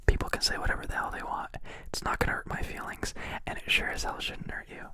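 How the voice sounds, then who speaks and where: A young man chatting in a soft whisper on an ASMR live stream, rambling and joking as he answers viewers' questions. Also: quick pace. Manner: rambling, jokey, confessional.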